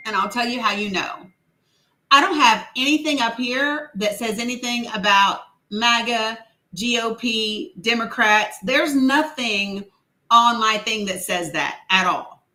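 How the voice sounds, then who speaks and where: A woman's voice: on the high side, unhurried, bright, forceful tone. A woman with a Southern US accent hosting a live stream, teasing and sassy in casual commentary, laughing often.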